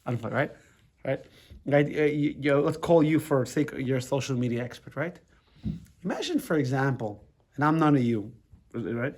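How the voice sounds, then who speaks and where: Speaking at a normal pace in a mid-range, slightly mellow voice, a middle-aged American rabbi leads an informal class. His style is conversational: he repeats words, starts sentences over, and keeps asking the room "right?"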